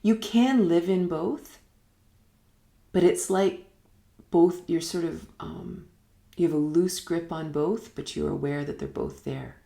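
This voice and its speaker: A woman giving a reflective spiritual teaching in a live online session, musing and unhurried, sometimes dropping almost to a whisper. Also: lowish voice, gravelly, warm tone. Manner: unhurried, musing, drops to near-whispers at times. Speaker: meditation teacher. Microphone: live online broadcast.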